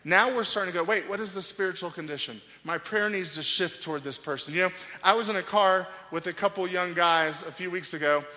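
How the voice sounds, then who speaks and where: In a church sanctuary, a middle-aged man delivers a sermon as pastor, spinning lively stories and performing the quoted voices. He speaks fairly quickly in a high voice, while faint music and a long hall echo sit behind him.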